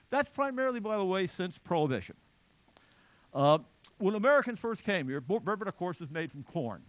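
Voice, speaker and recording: Chatty guy giving a talk, kinda high voice, lots of jokey side comments. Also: sing-song, a little fast, fairly bright tone, dry recording. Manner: chatty, digressive, joking asides. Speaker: lecturer. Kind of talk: public lecture.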